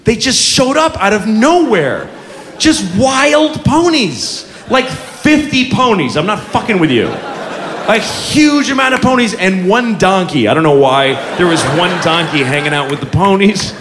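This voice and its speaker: A man performing stand-up comedy, animated and profane, breaking into quick shouts. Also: high-pitched. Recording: live club audience, noisy. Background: audience laughter.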